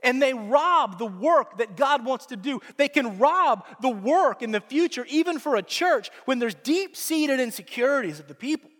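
Brief: male pastor, high voice, earnest emphatic sermon delivery, long hall reverb. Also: lively intonation, normal speed, few pauses, a bit bright.

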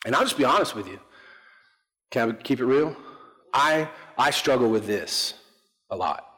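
A pastor preaches in a casual, joking style, poking fun at himself and quizzing his listeners. His medium-pitched voice rings with the long reverb of a large hall. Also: expressive, moderate pace, long pauses, a bit bright. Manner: conversational, joking, self-deprecating, asks the congregation questions. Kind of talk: sermon. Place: church sanctuary.

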